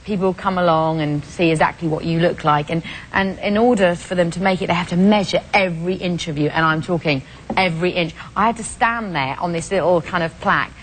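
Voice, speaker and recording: A woman's voice: fairly low pitch, fairly quick, slight background noise, rough recording. Chatty British woman on a talk show. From England. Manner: chatty, animated storytelling. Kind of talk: casual chat.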